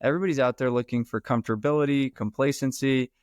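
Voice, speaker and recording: A man's voice: medium pitch, quick pace, clear, resonant tone, no echo. Guy on a podcast pumped up about his point, talks punchy and casual, medium voice, dry sound. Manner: emphatic and animated, casual slang. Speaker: author and sales trainer, guest.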